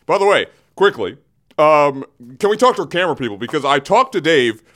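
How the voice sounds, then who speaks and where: A man's voice: a little high, very animated, fairly quick, fairly bright tone. Goofy sports guy hamming it up in a studio, keeps cracking himself up, voice jumps all over. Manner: theatrical, self-interrupting, giggly. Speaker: comedic sports segment host. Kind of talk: comedic in-character sports rant. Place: radio studio. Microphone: studio mic.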